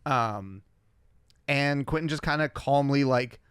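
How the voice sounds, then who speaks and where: A man co-hosting a podcast, casually retelling scenes in a relaxed, wry way with filler words. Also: mid-range voice, slow pace, clear, resonant tone, dry recording, clean studio sound. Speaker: podcast co-host. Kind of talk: casual recap chat.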